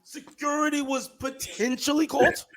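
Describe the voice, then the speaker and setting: A man co-hosting a podcast, telling a story in casual chat, profane and heated, animated as he goes. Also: extremely high pitch, normal speed. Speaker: podcast co-host.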